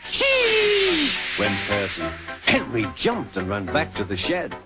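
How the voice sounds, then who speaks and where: Animated male storybook narrator. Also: lowish voice, moderate pace. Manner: expressive, animated. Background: music.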